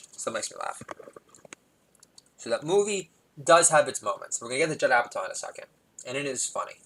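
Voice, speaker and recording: A New man talks through a loose stand-up monologue at a middling pitch he never loses. He wanders off on tangents, loses his thread, and chuckles at his own punchlines. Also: gravelly, fairly bright tone, low-quality recording. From New York. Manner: rambling, digressive, laughs at own jokes. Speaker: comedy podcast host.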